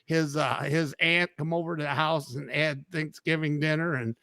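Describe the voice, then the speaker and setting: A man's voice: fairly high pitch, fairly even intonation, normal speed, bright, forceful tone, no room sound. A man co-hosting a podcast who retells jokes and stories in casual banter. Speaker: podcast co-host. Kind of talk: joking banter.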